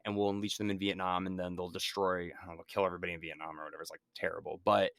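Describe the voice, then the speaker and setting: A man co-hosting a casual movie-review podcast, animated and mocking as he acts out scenes. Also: low-pitched, rapid-fire, dry recording, studio quality. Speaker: podcast co-host. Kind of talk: casual film-review chat.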